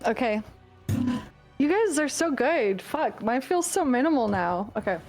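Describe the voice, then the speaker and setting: A woman chatting excitedly among friends on a game stream, swearing a lot. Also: high voice, a little slow, faint music behind. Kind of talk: casual chat.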